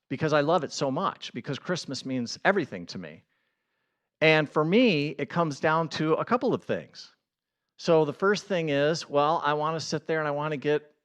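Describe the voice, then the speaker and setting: A man giving a conversational sermon as a pastor, earnest and building to excited emphasis. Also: on the high side.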